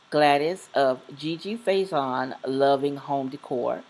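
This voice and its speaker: A woman's voice: extremely low pitch, low-quality recording. A woman hosting her home cooking vlog, chatting through her ingredients in a plain show-and-tell way. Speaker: cooking channel host. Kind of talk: casual cooking vlog narration.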